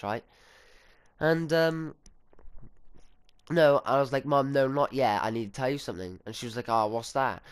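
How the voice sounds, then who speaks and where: A man's voice: mid-range voice, smooth. A teenage boy, telling a story in a casual, rambling way, swearing and acting out what others said. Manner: sweary, chatty, full of fillers and quoted dialogue. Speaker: storytime vlogger.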